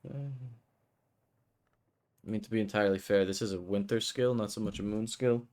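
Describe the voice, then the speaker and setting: A man's voice: on the low side, fairly even intonation, normal speed, darkish tone. A man streaming a game, talking to himself in a grumbling, frustrated way. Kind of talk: casual gameplay commentary.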